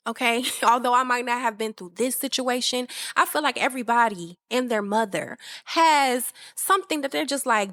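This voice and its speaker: Woman podcast host, casual music talk, lively and playful, higher voice. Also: normal speed, dry recording, clean studio sound. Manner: chatty and animated, acting out friends' reactions.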